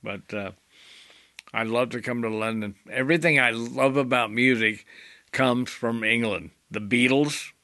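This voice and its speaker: Gravelly guy rambling through old band stories, bright edgy tone, acts out what people said, dry close sound. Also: mid-range voice, unhurried, no room sound. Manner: anecdotal, acts out quoted dialogue, laughs between stories. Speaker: singer, interview guest. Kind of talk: casual rambling storytelling.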